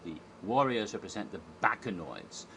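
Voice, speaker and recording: With a low-ish, sing-song, creaky, and sharp voice at normal speed, a man who studies theme park events casually retells a live show from memory. He rambles enthusiastically, using frequent fillers and restarts, with a little hiss or hum in the background.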